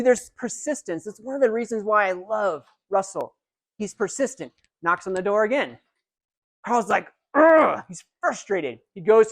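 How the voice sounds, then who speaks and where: A man giving a live motivational keynote, energetic and interactive, calling out to a big audience in a large hall. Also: high voice. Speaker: keynote speaker.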